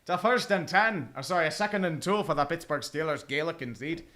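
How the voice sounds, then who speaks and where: A man's voice: on the high side, quick pace, bright, forceful tone. A man streaming a football watch-along, chatting casually and profanely, with bursts of mock play-by-play calls. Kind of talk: casual live game commentary.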